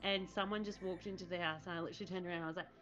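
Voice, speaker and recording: A woman with a New Zealand accent chats casually on a live stream, giggly and talkative. Her voice sits low, and the stream audio is dull and lo-fi. Faint music plays underneath. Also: steady tone, rapid-fire, fairly bright tone. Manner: giggly, chatty, reads out viewer comments. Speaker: streamer host.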